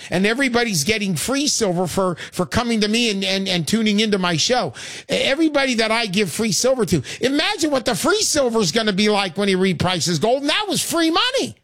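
A man's voice: high-pitched, lively intonation, brisk, a bit bright, no echo, studio quality. A man hosting a call-in radio show, talking in a brash, salesy, joking way.

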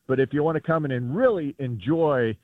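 A man's voice: mid-range voice, brisk, no room sound. A man, a golf reporter, telling stories in a phone-in radio interview and acting out the voices he quotes. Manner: animated storyteller, acts out quoted voices. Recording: tinny phone line.

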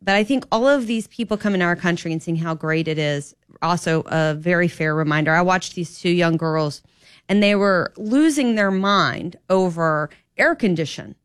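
A woman's voice: fairly low pitch, smooth, no room sound. Chatty talk-radio woman, dry studio sound. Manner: chatty, animated, rising to emphatic indignation. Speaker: fill-in radio show host. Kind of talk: opinionated talk radio monologue.

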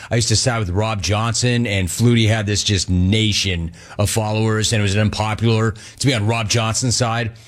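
A man hosting a sports call-in show, riffing energetically and talking in slangy, casual terms. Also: fairly low pitch. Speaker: radio talk host. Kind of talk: sports talk radio.

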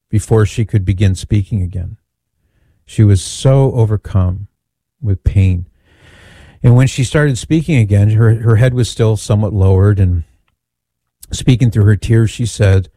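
Dark-voiced man telling a story. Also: fairly low pitch, dry recording. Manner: earnest, measured, repeats phrases for emphasis. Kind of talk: personal storytelling talk.

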